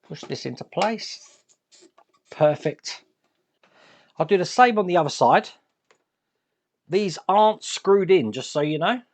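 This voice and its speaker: A man's voice: sits high, animated, takes it slowly, pauses often. Upbeat man narrating a model build. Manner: chatty, upbeat, laughs at the model's size. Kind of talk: step-by-step build commentary.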